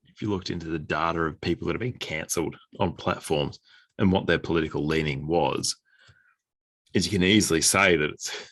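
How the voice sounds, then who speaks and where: A man's voice: low-pitched, a bit bright, no room sound. A man, a podcast guest, talking bluntly and opinionatedly in casual chat, swearing now and then.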